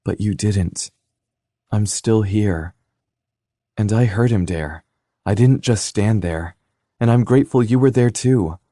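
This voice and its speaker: Man reading shaken young woman, earnest, soft-spoken, dark low tone, audiobook. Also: takes it slowly, long pauses, no room sound, studio quality. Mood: shaken, tender. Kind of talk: audiobook character voice.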